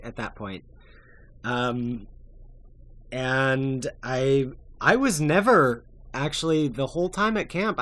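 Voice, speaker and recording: A man guesting on a podcast, answering in casual chat with halting restarts and laughs. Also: on the high side, fairly bright tone. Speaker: podcast guest, former reality show contestant.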